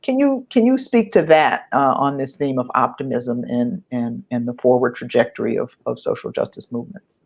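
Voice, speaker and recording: A woman moderating an online panel discussion. She frames questions for the panelists, pauses often to search for words and is affirming toward them. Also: extremely low pitch, creaky, darkish tone, breathy edge. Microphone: video call. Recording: dull, lo-fi video call audio.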